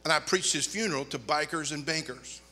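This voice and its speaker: A man preaching a sermon, telling lively anecdotes and acting out the people in them. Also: on the high side, fairly quick, in a large hall. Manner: animated anecdotes, acts out quoted people. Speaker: pastor. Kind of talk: storytelling sermon.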